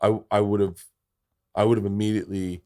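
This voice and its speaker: A man's voice: fairly low pitch, fairly quick, no echo, clean studio sound. Swearing, storytelling podcast host man. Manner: animated storyteller, swears a lot, acts out voices in anecdotes. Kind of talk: casual podcast chat.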